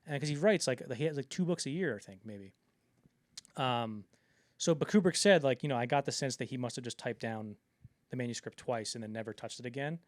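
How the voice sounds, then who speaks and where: The speaker is a male film podcast co-host talking brisk and casual in a medium-pitched voice. He rambles, leans on fillers, and dramatizes the quotes he repeats. The recording is dry.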